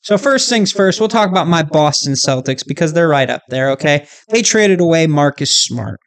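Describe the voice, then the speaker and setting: A man's voice: a little high, animated, normal speed. A man hosting his own podcast, chatting casually and with animation, often checking in with the listener. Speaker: podcast host. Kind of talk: casual solo podcast chat.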